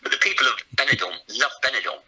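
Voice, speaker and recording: A man guesting on a casual chat, telling lively stories and acting out the other people in them. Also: medium pitch, racing, background noise. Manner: lively storyteller, acts out other voices. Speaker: guest, performer.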